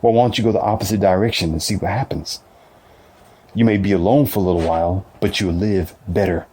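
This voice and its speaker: A man's voice: low-pitched, a little fast, mellow, a little hiss or hum. A man giving a casual, preachy motivational monologue, full of rhetorical questions.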